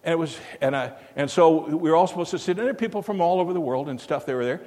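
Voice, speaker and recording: A man's voice: on the high side, fast talker, darkish tone. An older man telling a rambling story in a sermon, full of fillers and restarts, recorded in a church. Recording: long hall reverb.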